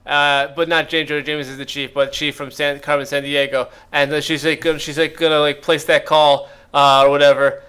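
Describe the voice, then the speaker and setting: A man's voice: on the high side, flat delivery, fairly quick, few pauses, bright, forceful tone, smooth. A man co-hosting a comedy podcast, rambling through an improvised story with lots of fillers and quoted character bits. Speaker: podcast co-host.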